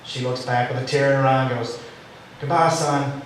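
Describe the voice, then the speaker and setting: A man's voice: medium pitch, completely flat delivery, fast talker. A man preaching a sermon in a church, telling a story with a joking twist. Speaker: pastor. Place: church sanctuary. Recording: echoey and distant, faint room noise.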